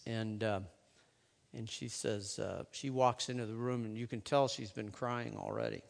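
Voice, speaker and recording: A man telling a personal story, speaking haltingly with fillers and restarts. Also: lowish voice, fairly even intonation, vocal fry. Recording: long hall reverb.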